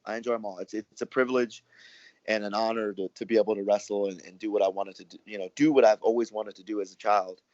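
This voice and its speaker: A man, a wrestler telling stories in a relaxed interview, rambling and acting out what others said. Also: fairly low pitch, fast, dry recording. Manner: rambling, animated, acts out quoted dialogue. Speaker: professional wrestler and guest. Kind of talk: casual storytelling interview. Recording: dry, muffled lo-fi audio.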